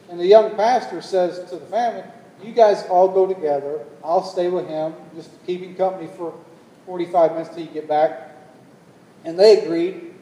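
Man preaching, high voice, mellow tone, roomy church echo. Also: distant mic. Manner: preaching, building to loud emphatic calls. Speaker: pastor. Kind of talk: sermon. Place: church hall. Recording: echoey hall, long reverb.

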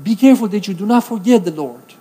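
High-voiced preacher in a reverberant hall. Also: male voice, expressive, fast talker, mellow, slightly rough. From Romania. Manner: earnest, conversational preaching with emphatic scripture reading. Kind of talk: sermon.

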